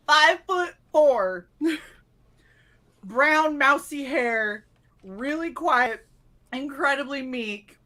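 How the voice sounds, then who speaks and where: A woman co-hosting a casual stream, swapping profane basic training stories and acting out the drill instructors. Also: sits high. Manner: profane, animated, acts out drill instructors in a loud mock voice. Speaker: stream co-host.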